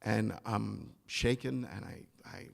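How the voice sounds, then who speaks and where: A man telling a story on stage at a live event, animated and comic, acting out the people in it. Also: on the low side, takes it slowly, creaky, big-room sound. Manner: animated, comic, acts out quoted voices.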